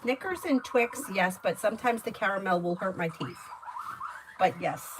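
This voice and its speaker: A woman doing live tarot readings, chatty and laughing, reading card meanings in quick bursts. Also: medium pitch, lively intonation, noisy background. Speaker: tarot reader.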